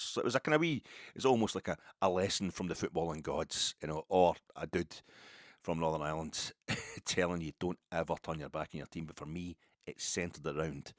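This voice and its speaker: A man's voice: sits low, no room sound, studio quality. A middle-aged Scottish man telling a rambling, self-mocking story on a podcast. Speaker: podcast host. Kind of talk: casual storytelling.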